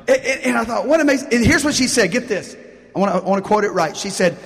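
A man preaching a sermon in an animated way, calling out to the congregation for responses, recorded in a church. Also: high-pitched, a little fast. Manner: animated, call-and-response preaching with frequent "Amen?". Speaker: pastor. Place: church sanctuary. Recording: long reverb of a church hall.

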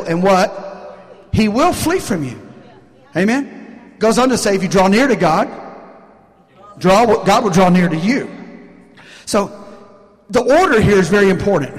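A man preaching to his congregation from the pulpit, with a fairly high voice and an animated, back-and-forth delivery that keeps asking the room for an "Amen". His words ring out with a long reverb across a large church hall. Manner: animated, call-and-response preaching with frequent "Amen?". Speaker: pastor. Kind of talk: sermon. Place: church sanctuary.

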